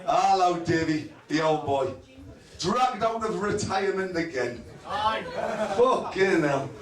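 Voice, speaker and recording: A man's voice: sits high, animated, slow pace. A man hosting a club awards night, cracking crude, swear-laden jokes and laughing through them. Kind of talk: crude roasting banter. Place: club function room with an audience. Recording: echoey room, voice far from the mic. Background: loud crowd laughter.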